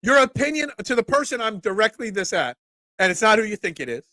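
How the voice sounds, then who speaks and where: Congested, bright-voiced male talk host. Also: high voice, very animated, fast, no room sound, clean studio sound. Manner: rambling, talks back to chat commenters. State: congested, voice cracking. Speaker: sports talk show host. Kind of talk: casual live-stream chat reading viewer comments.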